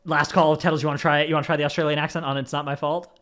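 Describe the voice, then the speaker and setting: A man's voice: on the high side, flat delivery, rapid-fire, a bit bright. A man hosting a gaming podcast, reading out supporter names in an easygoing way with jokey asides. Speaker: podcast host. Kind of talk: casual gaming podcast chat.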